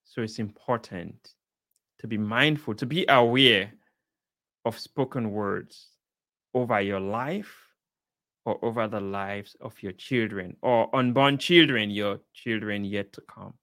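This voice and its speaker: A father speaking earnestly about the power of words, encouraging listeners with measured emphasis and repeated points. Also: on the low side, fairly bright tone, dry recording, studio quality. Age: adult, father of a young child. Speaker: speaker sharing life advice. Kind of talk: slow inspirational talk.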